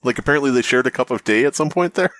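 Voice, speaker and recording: A man's voice: mid-range voice, lively intonation, very fast, a bit bright, dry recording. A man on a casual comedy podcast, riffing absurd stories and swearing freely. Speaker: podcast co-host.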